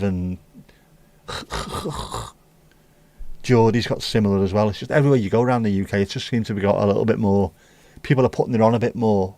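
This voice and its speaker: The recording is dry, and the British host's voice is lowish and a little mellow. On his casual livestream he reads viewer comments aloud, riffing on them with opinionated, mildly profane chat.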